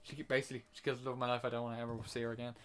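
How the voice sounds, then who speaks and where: A man's voice: mid-range voice, little pitch movement, very fast, a bit bright. A man co-hosting a podcast, casually retelling and ranting about a film he reviews, swearing when worked up. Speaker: podcast co-host. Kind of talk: casual movie review chat.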